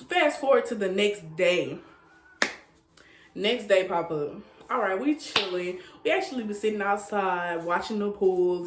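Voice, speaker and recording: Woman telling a story, laughing and animated. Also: medium pitch, echoey room. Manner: animated, laughing, repeats phrases for effect. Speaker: storytime vlogger. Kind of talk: casual storytelling.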